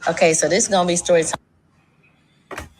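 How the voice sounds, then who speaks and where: A woman streamer telling a long, profane storytime tale in a casual, animated way, her voice jumping high for quoted lines. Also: normal speed, a little hiss or hum. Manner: animated, profane, dramatic voice swings.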